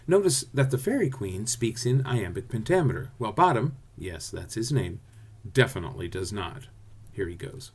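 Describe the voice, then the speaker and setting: Expressive husky-voiced drama teacher. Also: male voice, fairly low pitch, fairly quick. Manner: expressive, explanatory. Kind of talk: recorded lesson.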